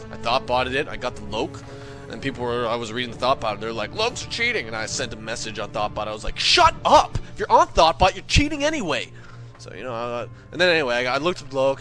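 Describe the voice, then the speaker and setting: A young man telling a comic gaming story as a rant, jumping into loud quoted voices. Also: mid-range voice. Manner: animated, swings into shouted quoted voices. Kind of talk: comedic gamer rant.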